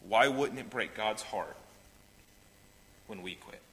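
A man preaching a sermon as pastor, swinging between loud pleading and hushed, quiet lines. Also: fairly low pitch, takes it slowly. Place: church sanctuary. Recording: reverberant hall with faint noise.

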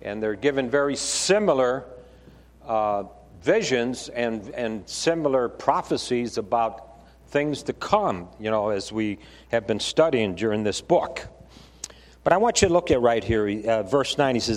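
A man's voice: medium pitch, expressive, moderate pace. Guy preaching bible study, chatty with lots of restarts, long hall echo. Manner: conversational, with fillers and restarts. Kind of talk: Bible teaching sermon.

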